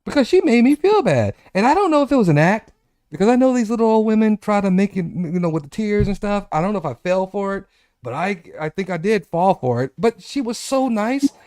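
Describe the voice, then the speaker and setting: A man in his forties hosts a relaxed chat show and spins a meandering personal story, stopping to restart and correct himself as he goes. His voice is mellow and dark, and the recording is close and dry, with little sound from the room. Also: high voice, fairly quick, no echo. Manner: rambling, self-correcting anecdotes with animated asides. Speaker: podcast host.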